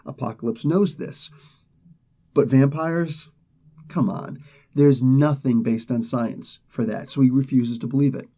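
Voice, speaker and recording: A man recaps a comic book plot in a relaxed, rambling way. His voice is mellow and dark, and it sits in a middle pitch. He keeps breaking off to act out what the characters say. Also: unhurried. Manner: loose, rambling retelling with acted quotes.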